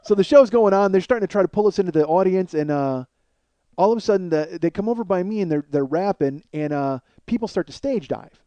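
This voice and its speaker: Profane, animated male storyteller. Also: high-pitched, brisk, no echo, lo-fi sound. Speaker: podcast host. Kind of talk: comedic storytelling monologue.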